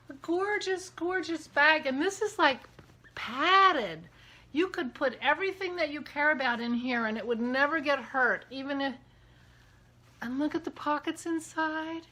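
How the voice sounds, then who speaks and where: A woman hosting a casual vlog, chatty and excitable, gushing as she talks. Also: high voice, a little slow. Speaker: podcast host. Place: outdoors walking a dog, then indoors.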